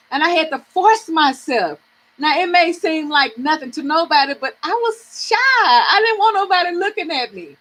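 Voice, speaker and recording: A woman's voice: high-pitched, expressive, normal speed, pushed and bright, rough recording. A middle-aged woman from the American South, hosting a live reading stream and chatting frankly with viewers, swearing freely and laughing often.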